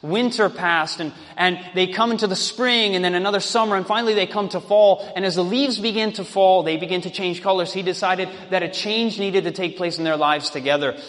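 Man preaching through a parable, dramatic and drawn out, high voice, long echoing room. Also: brisk, hardly any pauses, a bit bright. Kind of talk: sermon storytelling. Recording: long reverb.

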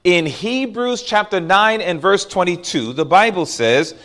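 A man's voice: high-pitched, animated, measured pace, a bit bright. A man preaching to a congregation, telling a story from his childhood and calling out to the crowd. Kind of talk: sermon.

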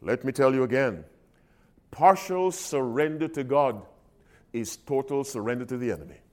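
A man preaching a sermon in an emphatic call-and-response style, swinging between loud appeals and soft asides. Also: mid-range voice, expressive, normal speed.

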